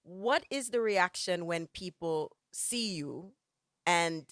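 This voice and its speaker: Woman, podcast host, casual chat, emphatic, lowish voice, dry sound. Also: expressive, slow pace, a bit bright, dry recording. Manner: conversational, emphatic, asks probing questions.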